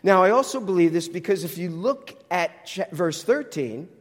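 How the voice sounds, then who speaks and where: High-voiced preacher with a Jersey accent. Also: male voice, expressive, normal speed, big-room sound. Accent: New Jersey. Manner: explanatory, with rhetorical questions. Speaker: Bible teacher. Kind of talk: sermon.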